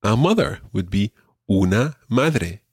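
A man teaching a radio language lesson, patient and encouraging, repeating words slowly for the learner. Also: lowish voice, very animated, darkish tone, breathy edge, dry recording, clean studio sound.

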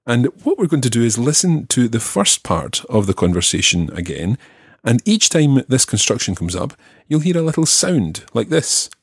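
A man hosting a language-learning podcast, explaining grammar patiently and clearly. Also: lowish voice, dry recording, studio quality. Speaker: language teacher and podcast host.

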